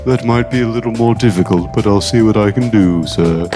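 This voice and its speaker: A man's voice: fairly low pitch, a little fast, over music, lightly acted. A man voicing a stiff, formal male butler who addresses his boss as sir.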